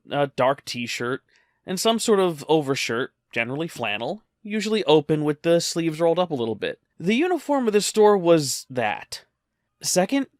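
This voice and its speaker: Male storyteller, conversational and wry, lively pitch, dry recording. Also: no room sound. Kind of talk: storytime narration.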